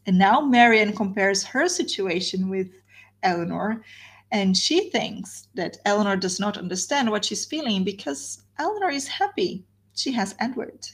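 A woman's voice: mid-range voice, animated, moderate pace, breathy edge. A woman hosting a guided reading, explaining a classic novel and rephrasing the story in plain words. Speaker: host leading a reading group.

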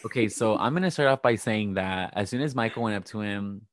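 A man co-hosting a casual chat, recapping events with animated retellings. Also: lowish voice, a little fast, no room sound, studio quality. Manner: animated, acts out quotes in voices. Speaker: podcast co-host recapping a reality show.

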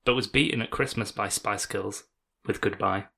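British guy hosting a podcast, low and gravelly, laughs a lot. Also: normal speed, pushed and bright. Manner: laughs often, reads notes with jokes. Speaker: podcast host reading the news segment. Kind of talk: casual podcast chat.

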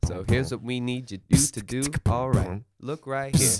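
A man's voice: medium pitch, moderate pace, very noisy, close to an everyday voice. A man playing a weary casting assistant, half-singing offhand rhyming lines in an improvised comedy scene. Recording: loud backing music.

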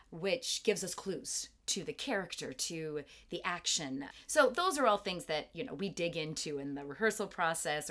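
A woman's voice: fairly low pitch, fairly bright tone. A middle-aged woman theatre director in an interview, explaining terms thoughtfully and carefully, with plain enthusiasm for the craft. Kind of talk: interview conversation.

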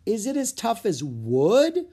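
A reader voicing an earnest, slightly impatient young boy in an audiobook, with a husky edge. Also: mid-range voice, big pitch swings, slow pace, darkish tone, pitched above the performer's own voice, exaggerated voice. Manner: worried and earnest. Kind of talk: storybook read-aloud.

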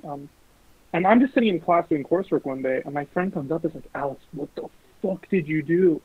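A young man casually telling animated, sweary stories about his dating life. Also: a little high, brisk, husky, dry recording. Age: young adult. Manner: animated, swearing, mimics voices in quotes. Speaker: guest. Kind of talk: casual storytelling. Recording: lo-fi phone-like recording.

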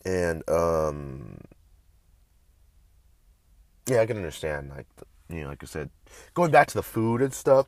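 A young man hosts his own show in a rambling, crude monologue. His voice lurches between loud, excited bursts and low mutters, with a lively, swooping pitch. The recording is close and dry. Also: no echo. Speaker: podcast host. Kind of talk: casual profane monologue.

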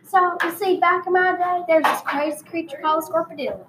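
A woman's voice: extremely high pitch, fairly even intonation, very noisy. A woman doing a folksy old Texan yarn-spinner. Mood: folksy rambling. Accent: put-on rural Texan. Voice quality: exaggerated drawl, deliberately bad accent. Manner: rambling, folksy asides. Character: old rural Texan storyteller, folksy and rambling.

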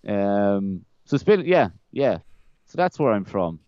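A young man talks in a low, smooth voice, loosely telling stories and repeating himself as he goes. The sound is dry and a little dull, close to the mic. He laughs easily between thoughts. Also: big pitch swings, a little slow, warm tone, no echo. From Ireland. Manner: rambling, repeats words, laughs often. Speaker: podcast guest. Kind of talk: casual conversational storytelling.

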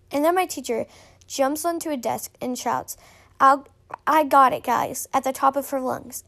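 Chatty high-voiced young woman. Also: vocal fry. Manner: chatty, rambling, many fillers. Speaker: vlogger. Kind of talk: casual reading and commentary.

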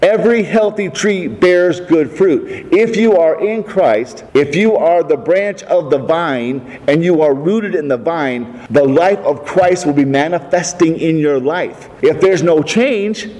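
A man preaching to his congregation, mixing scripture with folksy asides and jokes. His voice sits a little high for a man. The sound rings out with the long reverb of a church hall. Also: animated, measured pace, hardly any pauses, darkish tone. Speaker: pastor. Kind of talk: sermon.

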